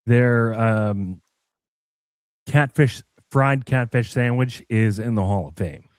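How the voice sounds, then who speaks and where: A man's voice: mid-range voice, takes it slowly, smooth, no echo. Male podcast co-host, playful teaser, everyday voice, dry studio. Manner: teasing, joking, laughs often. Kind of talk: casual podcast chat.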